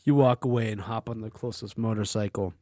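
A man's voice: on the low side, fairly even intonation, fairly quick, mellow, dry recording, clean studio sound. A young man acting as game master, reading out a text adventure as he types and laughing often. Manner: reads the story aloud while typing, laughing often.

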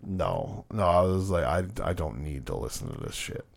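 Gravelly-voiced man in casual, profane podcast chat. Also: sits low, moderate pace. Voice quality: gravelly, profane, laughs often. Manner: excitable, swings between loud bursts and muttered asides. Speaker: podcast co-host.

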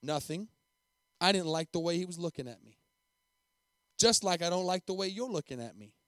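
A man's voice: high voice, expressive, normal speed, a bit bright, no room sound, clean studio sound. A man voicing a defiant, tough-talking schoolboy who answers back with brash challenges. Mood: menacing.

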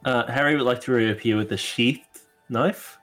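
Hesitant tabletop player, mid-pitched. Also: moderate pace, a bit bright, faint music behind. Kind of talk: casual tabletop play.

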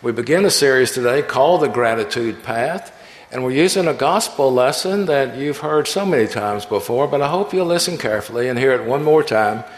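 A man preaching a sermon in a church sanctuary, voice of middle pitch with a long reverb trailing each phrase. He reads scripture and tells parables, giving the quoted lines their own voice. The room is roomy and echoing. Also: expressive, a little fast. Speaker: pastor. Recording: echoey, reverberant church hall.

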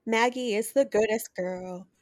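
A woman's voice: on the high side, measured pace, a little mellow, lightly acted. A woman playing a cheerful cat who hosts a podcast, goofy and playful in her banter. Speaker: host.

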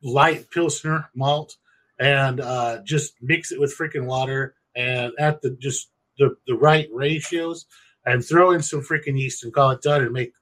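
A man's voice: medium pitch, steady tone, unhurried, fairly bright tone. A man co-hosting a casual podcast, talking crudely and jokingly while he explains how to make wine and beer at home. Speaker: podcast co-host.

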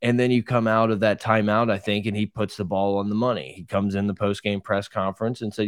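A man's voice: on the low side, fairly even intonation, brisk, hardly any pauses, smooth, no echo, studio quality. A man co-hosting a sports podcast in casual chat, opinionated and conversational, with many fillers. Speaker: podcast co-host.

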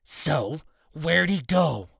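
A man's voice: fairly high pitch, lively intonation, extremely slow, vocal fry, fairly bright tone, slightly rough, no room sound, clean studio sound, exaggerated voice. A man doing a sneering menacing thug. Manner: taunting, threatening. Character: menacing adult male thug, sarcastic and threatening.

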